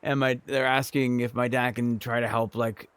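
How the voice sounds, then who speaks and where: A young man streaming, telling a funny story in casual chat, animated and laughing often. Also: mid-range voice, moderate pace, smooth, dry recording. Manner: animated, laughs often, acts out quoted voices.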